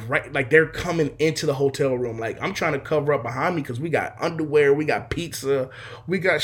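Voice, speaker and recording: A man's voice: medium pitch, slightly rough. A young man telling a personal story casually, full of fillers, acting out the scenes. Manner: animated, heavy filler words, acts out scenes.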